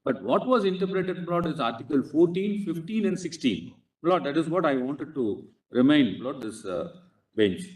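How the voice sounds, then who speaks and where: A man's voice: a little high, lively intonation, a little mellow. A man with an Indian English accent arguing a case before a court bench, breaking his phrases with constant, insistent "Lord" addresses. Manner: inserts "Lord" into nearly every phrase, halting and insistent. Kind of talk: courtroom legal argument. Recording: echoey courtroom audio picked up from a distance.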